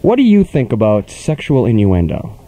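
A man's voice: mid-range voice, wildly swooping pitch, moderate pace, dark tone, no echo, rough recording. A man hosting a college radio show, teasing his guest in a sarcastic, mock-rude way. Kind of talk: casual late-night radio banter. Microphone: studio microphone.

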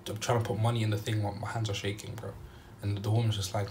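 A young man vlogging a travel story, animated and acting out what he said at the time. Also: fairly low pitch, quick pace, a little hiss or hum. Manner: animated storytelling, acting out his own quotes. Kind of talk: storytime vlog.

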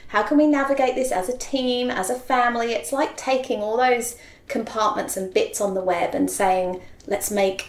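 A woman's voice: fairly high pitch, normal speed. A woman, a mother, speaking as a guest in a casual interview. She talks animatedly and laughs often. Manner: animated, laughs often, acts out quoted voices. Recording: roomy echo.

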